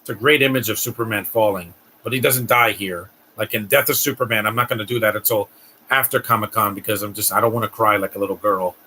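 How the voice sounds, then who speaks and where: A man's voice: on the low side, steady tone, fast, bright, forceful tone, a little hiss or hum. A man hosting a live stream, making casual, sarcastic asides while watching a film.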